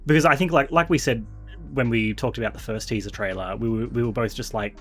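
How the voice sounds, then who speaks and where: A man's voice: mid-range voice, fast talker. Guy gushing on a podcast, lots of ums and restarts, bit of music behind. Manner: chatty, excitable, many fillers and restarts. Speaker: podcast host. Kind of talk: casual chat.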